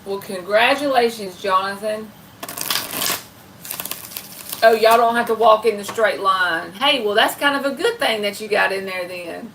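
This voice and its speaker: A Southern woman with an American South accent hosts a casual late-night tarot livestream, chatting folksily with viewers. Her mid-range voice is a bit bright and moves at normal speed. The mic is distant, with slight background noise and poor audio.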